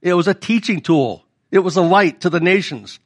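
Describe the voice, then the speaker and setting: A man's voice: sits high, normal speed. A middle-aged male pastor preaching a conversational sermon and putting questions to the congregation.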